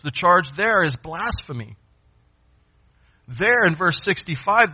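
A man delivers an expository sermon in a bright, forceful voice that sits a little high. He presses his points with repetition and rhetorical questions, and the recording sounds dull and lo-fi. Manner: emphatic, repeats phrases and asks rhetorical questions. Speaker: preacher.

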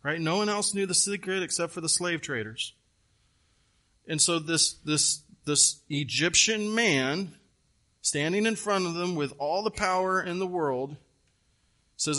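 A man preaching a sermon, retelling a scripture story with earnest, animated emphasis and repeated phrases. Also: fairly high pitch, unhurried. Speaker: pastor.

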